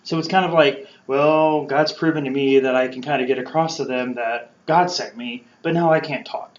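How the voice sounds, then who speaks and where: A man's voice: mid-range voice, fairly even intonation, moderate pace, a little hiss or hum. Man teaching scripture in a roomy space. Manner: conversational, acts out quotes playfully. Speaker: podcast host teaching scripture. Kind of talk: casual Bible teaching. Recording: roomy, dull lo-fi sound.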